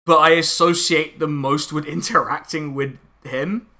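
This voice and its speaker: Sardonic non-binary streamer, bright voice. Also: medium pitch, fairly even intonation, unhurried. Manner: sardonic, ranting, lots of filler. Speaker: streamer chatting over lunch. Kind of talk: casual chat.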